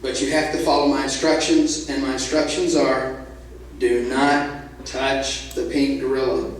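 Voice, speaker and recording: A man's voice: fairly high pitch, level tone, moderate pace, voice pushed down, lightly acted. A man playing a boastful pet owner who insists on his rules, in a live storytelling. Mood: insistent. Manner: insistent, bossy about rules. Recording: echoey hall, distant mic.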